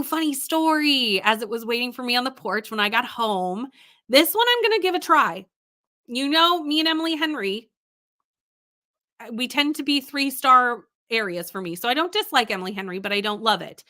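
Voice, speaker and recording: Bright-voiced woman chatting on a livestream. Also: on the high side. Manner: bubbly, laughs often, greets viewers warmly. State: tired. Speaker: livestream host. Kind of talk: casual livestream chat reading out viewer comments.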